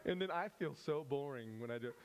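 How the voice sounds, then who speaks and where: A man teaching at a church service, animated and playful, often breaking off and restarting as he acts out examples. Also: mid-range voice, brisk, slight background noise. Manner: animated, self-interrupting, playful. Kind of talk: church teaching with acted-out scenes.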